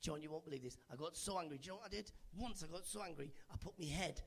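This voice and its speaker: A male stand-up comedian working the crowd from a club stage, teasing audience members by name in a chatty way. His voice sits high and has a gravelly, husky grain. He speaks into a handheld stage mic. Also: racing. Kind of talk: stand-up set with crowd work.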